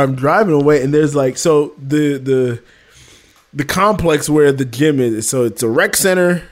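Brief: man, slightly high voice, lively storyteller, acts out exasperated dialogue. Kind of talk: casual storytelling chat.

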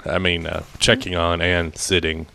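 A man co-hosting a casual chat, making dry, low-key remarks. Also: level tone, normal speed, gravelly, pushed and bright, slight background noise. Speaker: podcast co-host.

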